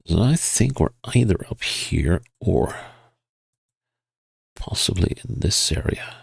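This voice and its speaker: Low gravelly man with a stuffy nose. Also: sing-song, takes it slowly, dry recording, clean studio sound. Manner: thinks aloud, hesitant, chuckles. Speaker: video game player. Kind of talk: casual gameplay commentary.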